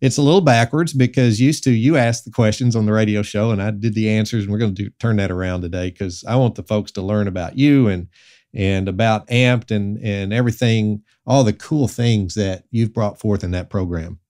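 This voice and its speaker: A man with a Southern US accent, a pastor hosting a casual podcast interview, relaxed and folksy with many fillers. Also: on the low side, a little fast. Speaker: podcast host.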